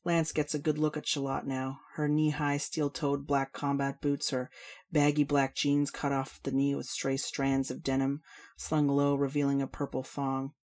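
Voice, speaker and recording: A woman reading adult fantasy fiction aloud in a steady storytelling manner. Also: extremely low pitch, moderate pace. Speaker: reader. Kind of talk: fiction narration.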